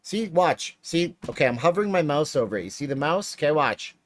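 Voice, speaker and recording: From his home streaming room, a livestream host with a fairly quick, higher-pitched voice plays slots, rambling and joking in an animated way. The recording is dry.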